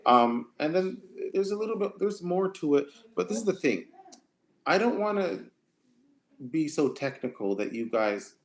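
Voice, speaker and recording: A man coaching singers on a livestream, answering chat questions in a relaxed, conversational way that often repeats itself. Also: medium pitch. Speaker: vocal coach.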